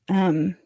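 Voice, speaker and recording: Lady hosting a true crime stream, slow and teary, laughs a lot, dry close sound. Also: warm tone, no room sound, lo-fi sound. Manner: rambling, laughs often, teary. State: crying. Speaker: true crime livestream host. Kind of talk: emotional livestream chat.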